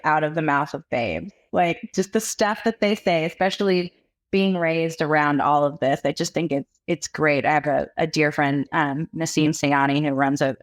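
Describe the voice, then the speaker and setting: A woman from South Texas, a women's health founder, telling stories in a casual interview, acting out quotes and laughing often. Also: deep voice. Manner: animated storyteller, acts out quotes with laughter.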